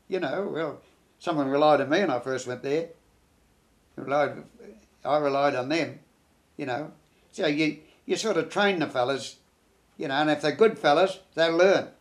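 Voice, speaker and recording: Older veteran interviewee, gravelly fry in the voice, rambles and restarts as he recalls. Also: fairly high pitch. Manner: rambling, halting, many restarts and "you know". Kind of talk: reminiscing interview.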